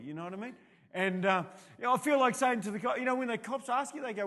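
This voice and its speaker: A male pastor with a New Zealand accent preaching a sermon, telling rambling anecdotes that build to loud, emphatic peaks. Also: high-pitched, fast talker.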